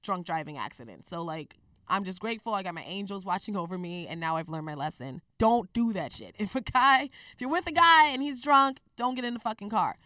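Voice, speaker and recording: A young woman in her twenties telling a personal story in a candid, profane, animated way on a casual talk show. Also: medium pitch, brisk, no room sound, studio quality, recorded from a distance.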